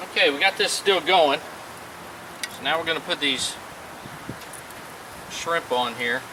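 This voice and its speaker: His voice is medium in pitch, bright and forceful, as this middle-aged man from the Gulf Coast grills and talks to viewers. A home cook vlogger, he's easygoing and chatty throughout the casual cooking vlog. The mic catches him from afar in a roomy space, with light background noise.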